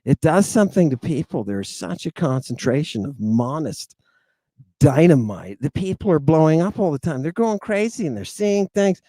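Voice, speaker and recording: Here a male podcast host shares a personal story, loose and slangy, tossing in "right?" and "baby" as he goes with lots of animation. His voice is on the high side at normal speed, with no room sound.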